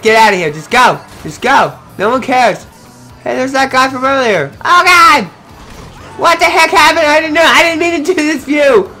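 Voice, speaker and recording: A young man narrates his own gameplay in a strikingly high, bright voice, reacting loudly and cursing at the chaos. He talks in an unhurried way between the outbursts. The whole delivery is loose, unscripted commentary. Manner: excitable, yelling and cursing at the game. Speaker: gaming video host.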